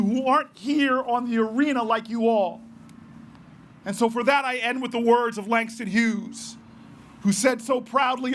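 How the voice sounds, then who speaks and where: Mężczyzna, senator, wygłasza porywającą, wykrzykiwaną mowę na wiecu na świeżym powietrzu. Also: male voice, extremely high pitch, a little hiss or hum. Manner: rousing, shouted oratory. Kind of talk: rally speech. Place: outdoors at a rally.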